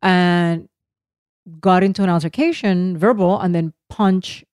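A woman co-hosting a relaxed talk show, chatty and ready to laugh at herself. Her voice sits fairly low, recorded close and dry. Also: unhurried, smooth, no echo. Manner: chatty, laughs easily, self-deprecating. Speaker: podcast co-host. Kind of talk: casual chat.

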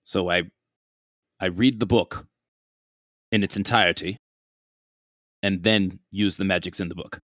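A man with a fairly low voice playing a tabletop game. He talks hesitantly and restarts his sentences. The recording is dry and close. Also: steady tone, a little slow, pauses often, fairly bright tone, dry recording. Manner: hesitant, repeating words. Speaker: player. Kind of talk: casual tabletop play.

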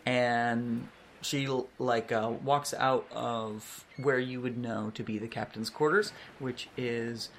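A man's voice: mid-range voice, fairly even intonation, takes it slowly, slight background noise. A man narrating a tabletop game as game master, in a hesitant, filler-heavy way.

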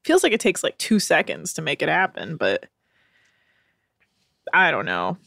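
A woman's voice: sits low, wildly swooping pitch, unhurried, vocal fry, sharp tone, no room sound, clean studio sound. A woman co-hosting a casual talk show, laughing often and recapping scenes with lots of "like". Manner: chatty, giggly, uses lots of "like". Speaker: podcast co-host.

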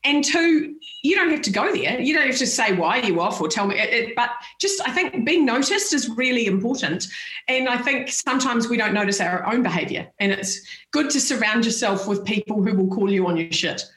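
A frank, outspoken woman in her forties, chatting as a podcast guest. Her voice sits a little high, and she laughs often. The room gives her a roomy echo. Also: expressive, a little fast, a bit bright. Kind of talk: casual chat.

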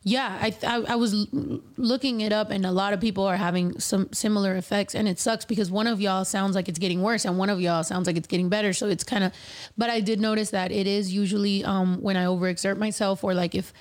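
A woman's voice: medium pitch, fairly even intonation, fast, few pauses. Rambling, frank young woman streaming casually. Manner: rambling, frank, swears freely. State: recovering from covid. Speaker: livestreamer. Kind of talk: casual chat.

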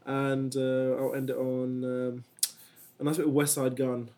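A man's voice: medium pitch, a little slow. A young man chatting casually as a podcast co-host, full of slang and easy laughter. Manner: relaxed, enthusiastic slangy chatter with frequent laughs. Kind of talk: casual chat.

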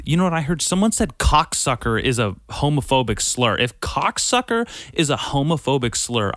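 A man hosting a podcast, ranting in a heated, profane and sarcastic way, swinging from loud outbursts to muttering. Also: mid-range voice, dry recording, studio quality. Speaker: podcast host. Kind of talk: casual profane rant.

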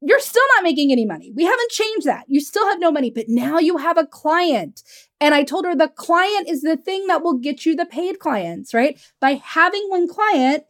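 A woman business coach hosts her own podcast with a high, bright voice. She tells stories in an animated, casual way, often breaking into laughter. She keeps checking in with her listeners with a quick "right?". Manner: animated, chatty, tags lines with "right?"; laughs often while talking. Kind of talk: casual storytelling monologue.

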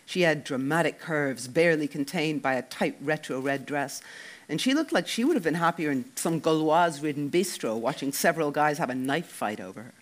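A man reading a first-person novel, wry and expressive. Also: on the high side, fairly quick. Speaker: audiobook narrator.

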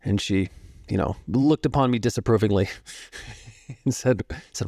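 A man in his fifties, a podcast guest, telling stories about music and meditation in a calm, reflective way and explaining through analogies. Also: lowish voice, unhurried, gravelly, dry recording, clean studio sound. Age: 50s. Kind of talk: storytelling interview talk.

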